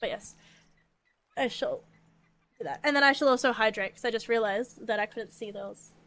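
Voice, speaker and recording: A woman's voice: on the high side, moderate pace, fairly bright tone. An Australian woman streaming a game, chatting casually, swearing freely and laughing often.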